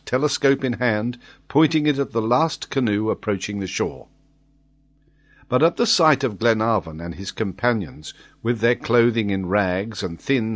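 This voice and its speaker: A man narrating a classic adventure novel in a measured, expressive reading. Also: lowish voice. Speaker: audiobook narrator.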